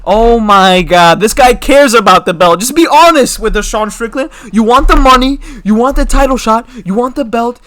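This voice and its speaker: A man's voice: extremely high pitch, moderate pace, hardly any pauses, fairly bright tone. A young man hosting his own channel, giving casual, slangy opinion commentary full of rhetorical questions. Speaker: MMA commentary channel host.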